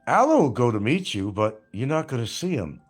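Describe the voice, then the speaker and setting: A man's voice: medium pitch, sing-song, a little fast, husky, faint music behind. A man hosting a livestream, reading chat comments aloud and mocking people in a rambling, crude way. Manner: crude, mocking, laughs at his own jokes.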